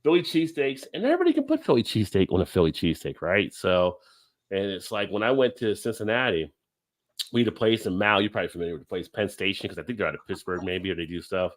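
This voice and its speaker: A middle-aged man from New Jersey co-hosting a casual livestream, reading comments and ranting with big jumps in pitch. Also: fast talker. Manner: animated, jumps high in pitch when ranting. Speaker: livestream co-host.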